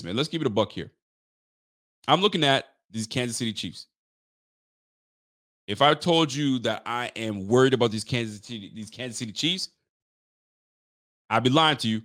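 A man hosting a casual live sports talk show, talking emphatically to his viewers and often restarting his sentences. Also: medium pitch. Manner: excitable, emphatic, frequent restarts; chats directly to live viewers. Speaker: sports fan show host.

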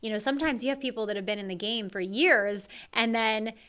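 A woman's voice: fairly high pitch, a little fast, a bit bright, smooth. A woman executive, a guest on an interview podcast, speaking earnestly and with emphasis. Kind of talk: conversational interview.

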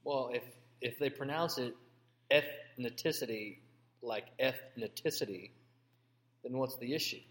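A man who trades jokes with a dry, deadpan delivery, teasing his partner without cracking. His voice is mid-pitched and lands with a long hall reverb trailing behind it. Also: a little slow. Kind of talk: comedic banter.

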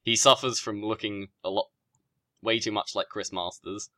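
A man's voice: lowish voice, steady tone, moderate pace, bright, forceful tone. A man with a Southern US accent co-hosting a casual show, giving opinionated reviews and laughing often. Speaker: podcast co-host. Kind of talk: casual wrestling review chat.

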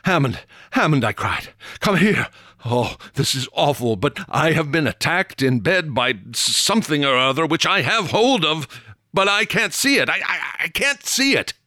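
A man playing Harry, a terrified young gentleman who stammers and pleads for help while gripping an unseen creature in a dramatic audiobook reading. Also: sits low, brisk, few pauses, dry recording, studio quality, voice pushed down. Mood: panicked. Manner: frantic, pleading, stammering cries.

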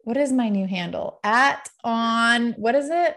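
A woman's voice: a little high, measured pace, fairly bright tone. A woman hosting a podcast, effusive and enthusiastic in casual interview chat. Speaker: podcast host.

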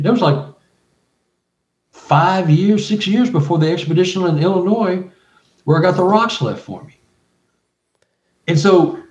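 A man, a guest researcher and author, telling an excited story full of quoted dialogue and restarts. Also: on the high side. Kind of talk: animated storytelling. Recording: roomy, distant, dull remote audio.

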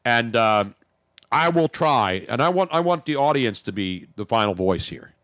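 A man's voice: mid-range voice, animated, moderate pace, a bit bright, no room sound, studio quality. A man hosting a talk radio show, bantering in a brash, joking way with crude asides.

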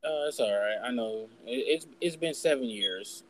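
A man's voice: mid-range voice, expressive, normal speed, noisy background. Candid young man telling a story. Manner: candid, swears freely, acts out quoted voices. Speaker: podcast host. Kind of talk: casual storytelling chat.

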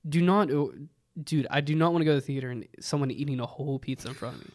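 A young man co-hosting a podcast in casual chat, his voice hoarse from being sick, ranting in an animated way and swearing casually. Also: medium pitch, fast. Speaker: podcast co-host.

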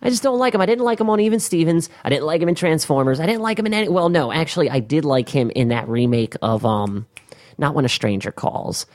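A man's voice: fairly high pitch, fast talker. A man co-hosting a podcast in casual chat, who insists on his points by repeating them. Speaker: podcast co-host.

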